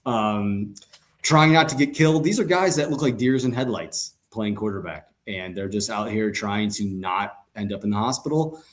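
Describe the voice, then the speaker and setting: A man's voice: fairly low pitch, normal speed. A man co-hosting a sports podcast, talking casually with jokes, fillers and restarts. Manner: animated, joking, many fillers and restarts. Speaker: podcast co-host.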